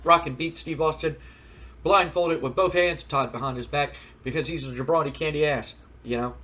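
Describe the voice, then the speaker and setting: A boastful, swaggering wrestler who speaks of himself in the third person, pitched up and loud above his usual voice, as a man puts him on. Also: moderate pace. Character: impression of a brash cocky male wrestler.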